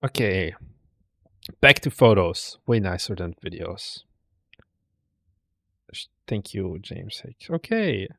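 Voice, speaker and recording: A man's voice: low-pitched, big pitch swings, slow pace, gravelly, pauses often, a bit bright, no echo, studio quality. A man hosting a stream, casually commenting and teasing as he looks through viewers' desk setups. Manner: chatty, teasing, thinks aloud. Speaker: streamer host. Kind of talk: casual commentary reacting to videos.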